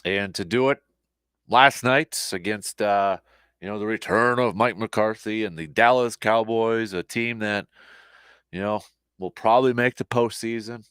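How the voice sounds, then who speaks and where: A man hosting a casual sports talk show, rambling and animated, with lots of fillers and restarts, a little short on sleep. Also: medium pitch, clean tone, no room sound, clean studio sound.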